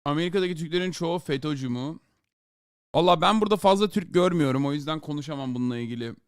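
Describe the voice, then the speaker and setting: Turkish-born guy in his 30s, a native turkish speaker, ranting at chat on stream, swears a lot, smooth clear voice, dry close mic. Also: on the high side, very fast, dry recording. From Turkey. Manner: profane, sarcastic, laughs loudly at chat. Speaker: streamer and political commentator. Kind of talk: casual livestream commentary reading chat.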